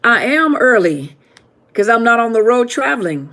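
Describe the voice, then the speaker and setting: A woman's voice: on the high side, big pitch swings, moderate pace, fairly bright tone. A woman hosting a live question-and-answer stream, chatting casually and greeting viewers one by one by name.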